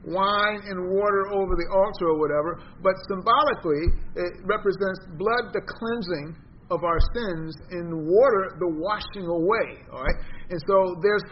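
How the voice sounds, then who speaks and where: A high-pitched man leads a Bible study, reading verses aloud and then breaking them down with questions for his class. The sound is dull and lo-fi, with a faint hiss underneath. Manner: reads scripture aloud, then explains and quizzes the class. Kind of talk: interactive Bible study teaching.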